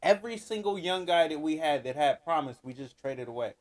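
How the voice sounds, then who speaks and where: A man's voice: on the high side, expressive, a little fast. A man co-hosting a podcast, talking sports in blunt, profane, opinionated rants and laughing often. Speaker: podcast co-host. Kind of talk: casual sports banter.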